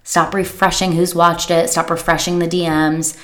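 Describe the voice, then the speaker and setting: Emphatic business coach woman, low-pitched. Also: level tone, moderate pace, fairly bright tone. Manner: emphatic, repeats key phrases, acts out clients' worried inner voices. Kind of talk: motivational coaching talk.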